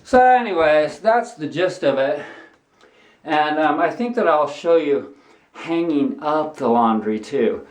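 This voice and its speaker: Slow, rambling man in an echoey bathroom. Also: a little high, animated, recorded from a distance. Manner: rambling, preachy, with frequent restarts. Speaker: vlogger demonstrating hand-washing laundry. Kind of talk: casual how-to vlog. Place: bathroom, washing clothes in a tub. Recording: echoey bathroom, off-mic, running water.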